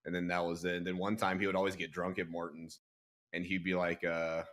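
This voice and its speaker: A man's voice: deep voice, fairly quick. A young man co-hosting a podcast, telling stories in casual chat and acting out the people he quotes, laughing often. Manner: animated storyteller, acts out quotes, laughs often. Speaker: podcast co-host.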